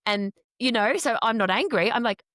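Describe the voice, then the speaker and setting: A woman's voice: a little high, expressive, moderate pace, a bit bright, no room sound, clean studio sound. A woman hosting an interview, talking earnestly and emphatically as a foster carer. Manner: earnest, emphatic, acts out quoted speech.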